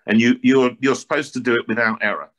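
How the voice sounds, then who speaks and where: A man with a North London accent, an opera singer telling stories in an interview with lively, animated delivery and frequent word repeats. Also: medium pitch, quick pace. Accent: North London English. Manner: lively, repeats words while building a point.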